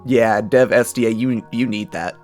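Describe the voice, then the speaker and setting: A young man giving casual, chatty commentary as he reacts to memes, with frequent laughs and animated asides. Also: fairly low pitch, moderate pace, soft background music.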